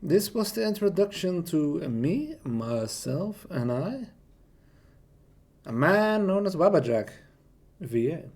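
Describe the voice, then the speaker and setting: Slow, lively-pitched man rambling. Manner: rambling, self-deprecating, hesitant. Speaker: voice actor streamer. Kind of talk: casual self-introduction.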